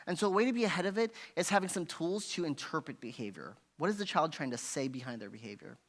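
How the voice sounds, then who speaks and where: A man with a slightly high voice leads a parenting workshop in a relaxed, conversational way. He keeps checking in with his listeners by asking "right?" and now and then acts out a frustrated parent. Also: fast talker. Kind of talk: parent education talk. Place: church hall.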